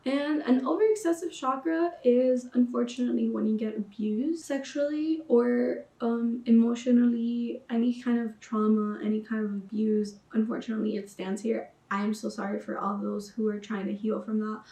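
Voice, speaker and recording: A woman's voice: a little high, normal speed, few pauses, reverberant, distant mic. A woman vlogger talking casually about personal growth, chatty and full of slang. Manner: chatty, uses slang like sis and boo-boo. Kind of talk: casual spiritual vlog.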